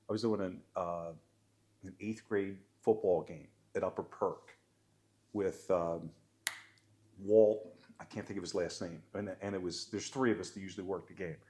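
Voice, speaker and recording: A man, co-hosting a podcast and telling animated referee stories in casual chat. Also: fairly low pitch. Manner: animated, gets loud and excited telling stories. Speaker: podcast co-host, sports referee.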